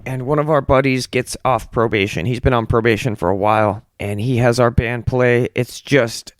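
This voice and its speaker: A man's voice: medium pitch, fairly even intonation, normal speed, no echo. Casting: young guy, podcast host, casual profane storyteller, dry close mic. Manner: loose, profane, acts out quoted voices.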